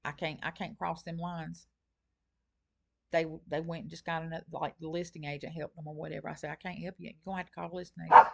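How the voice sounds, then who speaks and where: A woman's voice: sits low, level tone, fast, vocal fry, fairly bright tone. A woman with a Southern US accent, a real estate agent telling a story in a casual vlog and acting out both sides of a phone call. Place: home with her dogs.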